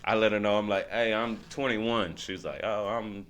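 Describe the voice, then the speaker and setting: A podcast guest with a lowish voice spins a long story at a moderate pace in casual conversation. He's animated, laughing often and acting out the lines other people said.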